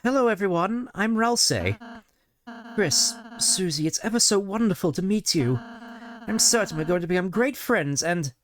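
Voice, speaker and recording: A man's voice: high-pitched, lively intonation, normal speed, voice pushed up. A man doing Ralsei, a sweet shy fluffy prince. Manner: soft, polite, hesitant with little ums. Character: gentle shy young fluffy goat prince. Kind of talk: video game voice-over reading.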